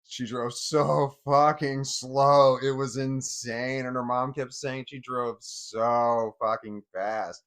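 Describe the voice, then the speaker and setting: A man's voice: medium pitch, steady tone, slow pace, few pauses, fairly bright tone. A middle-aged man telling a personal story in casual vlog talk, rambling and profane, with many restarts. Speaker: vlogger.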